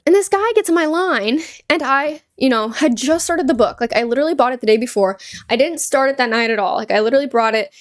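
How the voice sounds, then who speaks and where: A chatty young woman tells rambling stories over gameplay, her voice sitting a bit high. She talks in an animated, filler-heavy way and laughs often. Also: fast, few pauses. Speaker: gaming YouTuber; store cashier. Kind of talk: casual chatty commentary.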